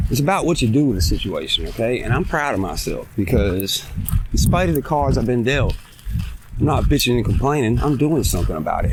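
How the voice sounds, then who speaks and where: A man of middling pitch delivers a blunt, profane rant, pressing his points hard. He talks while walking outdoors in a park, slightly out of breath, with faint noise in the background. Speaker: podcast host. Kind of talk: ranting monologue. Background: faint traffic and kids.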